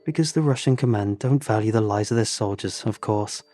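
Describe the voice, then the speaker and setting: A man voicing a calm, gentle young woman soldier. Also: fairly low pitch, brisk, no room sound, faint music behind, lightly acted.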